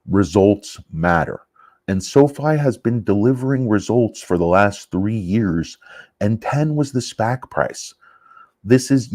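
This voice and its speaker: A man's voice: low-pitched, darkish tone, no echo, clean studio sound. A man hosting a stock market vlog in a blunt, profane, sarcastic rant. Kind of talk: casual ranting vlog.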